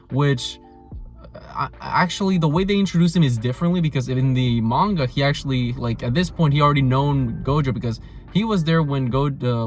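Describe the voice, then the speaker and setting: A young man casually reviewing an anime episode, rambling with lots of "like" and restarts. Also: mid-range voice. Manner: animated paraphrasing of characters.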